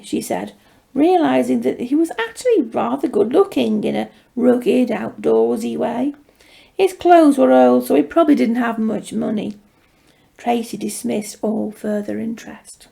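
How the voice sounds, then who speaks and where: A woman author reading her own fantasy story aloud in a measured, steady way. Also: fairly high pitch, creaky. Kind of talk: storybook narration.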